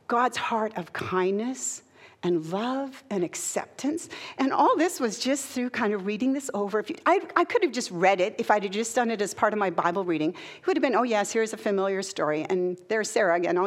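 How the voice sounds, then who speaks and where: A middle-aged woman giving a personal devotional talk, earnest and conversational, at times moved close to tears. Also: mid-range voice. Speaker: speaker sharing a Bible devotional practice.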